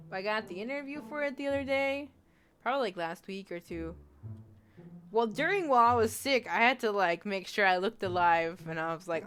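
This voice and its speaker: A woman's voice: a little high, fairly bright tone. A young woman in her twenties chatting casually while streaming a game, giggly and rambling with many fillers. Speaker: streamer playing a game and reading chat. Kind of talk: casual let's-play chat. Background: faint game music.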